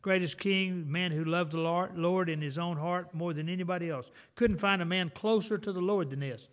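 A middle-aged man preaching a sermon in a folksy, conversational way, telling personal stories and reading scripture slowly and with emphasis. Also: high voice, a bit bright.

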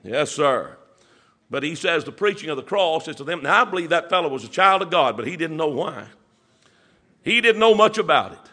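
A preacher delivers a sermon in a high, bright, forceful voice with big pitch swings. He drags out phrases with many "uh" pauses before surging into rising, emphatic bursts, his manner earnest and old-fashioned.

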